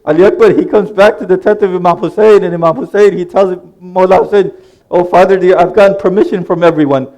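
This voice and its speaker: A man's voice: high voice, fairly even intonation, quick pace, warm tone, highs cut off. A man preaching a religious sermon. He tells the story in earnest, addresses the congregation directly, and voices each figure's lines as quoted dialogue. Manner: retells dialogue in quoted speech.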